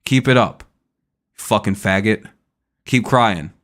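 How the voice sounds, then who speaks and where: Speaking slowly in a fairly low, fairly bright voice, this young streamer first goes through the news. Then he turns on a chat viewer with an annoyed, foul-mouthed rant.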